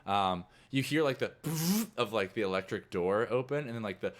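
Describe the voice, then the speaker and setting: Guy running a tabletop game, kinda low voice, rambly, lots of "like". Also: lively intonation, moderate pace. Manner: loose, rambling storytelling full of "like". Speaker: game master.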